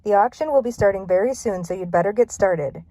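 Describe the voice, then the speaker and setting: Woman reader as pompous auction boss, measured and slow, dry mic. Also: mid-range voice, mellow, dry recording, lightly acted. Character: pompous tall male auction host.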